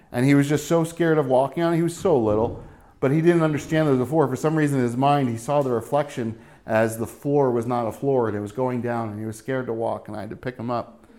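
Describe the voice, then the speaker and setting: A man's voice: medium pitch, steady tone, a little fast, mellow. A middle-aged man preaching a sermon as pastor, in a casual, joking way, often checking in with "right?".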